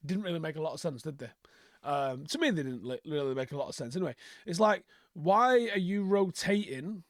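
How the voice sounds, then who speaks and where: A man's voice: fairly high pitch, no echo, clean studio sound. A young man hosting a football channel, giving a casual match review in a chatty way with many fillers and restarts.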